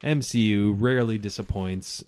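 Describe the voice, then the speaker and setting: A man's voice: on the low side, moderate pace, smooth. A young man co-hosting a casual movie review chat, loose and easygoing, with many fillers, and he has the hiccups. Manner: relaxed, loose, lots of fillers and "like". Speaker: podcast co-host.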